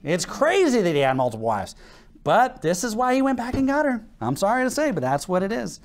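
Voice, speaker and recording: Animated American pastor preaching. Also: male voice, sits high, brisk. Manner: animated preaching, acts out dialogue, laughs often. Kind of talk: sermon.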